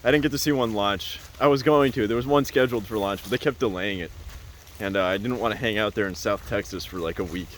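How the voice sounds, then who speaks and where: A man's voice: lowish voice, fast, a bit bright, a little hiss or hum. A man telling a casual, rambling story as a vlogger, full of "like" and "uh" and laughing often.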